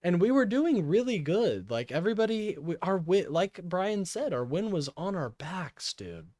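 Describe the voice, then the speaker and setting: A man's voice: fairly high pitch, darkish tone, no echo, studio quality. A man hosting a livestream, ranting in an agitated, profane way and apologizing often.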